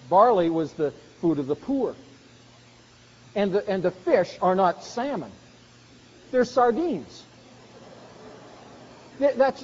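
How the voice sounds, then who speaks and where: A high-pitched man delivers a sermon in an earnest, pressing manner. His voice carries a long reverb through a big hall. The sound is muffled and lo-fi. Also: a little mellow. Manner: earnest, rising to emphatic exhortation. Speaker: preacher.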